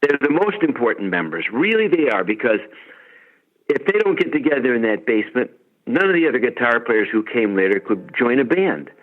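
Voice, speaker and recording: Man, 70s, from Chicago, musician guest, playful storyteller, very animated, tinny phone line. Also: medium pitch, a little fast. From Chicago, USA. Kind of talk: phone interview. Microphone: telephone.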